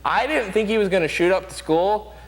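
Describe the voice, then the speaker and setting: A man hosting an opinion talk show, arguing his points emphatically and rapidly. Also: sits high, creaky, in a large hall, low-quality recording. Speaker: show host.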